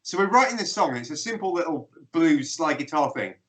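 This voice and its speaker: A British man, a musician guest on a video call, telling lively anecdotes and laughing through them. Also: fairly high pitch, brisk, poor audio. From Britain. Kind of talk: casual storytelling interview.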